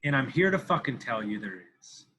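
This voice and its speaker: A man's voice: mid-range voice, very animated, fairly quick, bright, forceful tone, slightly rough, poor audio. A man in his thirties talking as a podcast guest, intense and profane, repeating himself for emphasis. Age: 30s. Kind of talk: candid interview talk.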